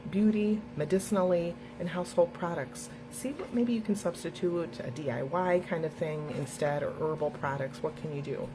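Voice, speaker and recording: Earnest, encouraging woman host with a lowish voice. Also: normal speed, hardly any pauses, background noise. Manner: encouraging, earnest, laughs easily. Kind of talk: casual motivational talk to viewers.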